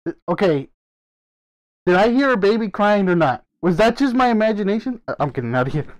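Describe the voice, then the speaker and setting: A man's voice: high voice, very animated, brisk, no room sound, low-quality recording. A young man playing a horror game alone in VR, swearing freely and shrieking when frightened. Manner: jumpy, swears a lot, shrieks when scared. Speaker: gaming streamer. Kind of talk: solo horror game commentary.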